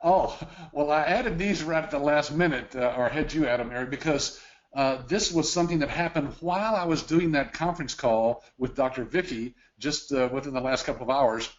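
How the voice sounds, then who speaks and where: Higher-pitched man, casual webinar co-host on a dull, lo-fi video call, slightly breathless, lots of "uh"s. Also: fairly quick. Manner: chatty, filler-heavy. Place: home office.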